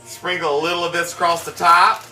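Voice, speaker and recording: Bright-voiced Southern woman with a twang. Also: lowish voice, little pitch movement, brisk, soft background music. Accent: South Carolina Southern twang. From South Carolina, USA. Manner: chatty and folksy, laughs often, greets viewers warmly. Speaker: cooking livestream host. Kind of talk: casual chat while cooking live.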